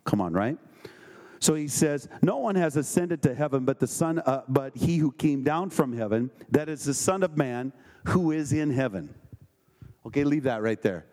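A man's voice: a little high, expressive, normal speed, warm tone. Preacher man talking a crowd through scripture. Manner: conversational, with emphatic questions to the congregation. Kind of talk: sermon.

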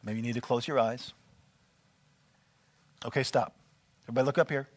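A man's voice: medium pitch, steady tone, a little fast, no room sound. A man preaching to a small church group, coaching them through listening exercises with frequent check-ins. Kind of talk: teaching sermon with group exercises.

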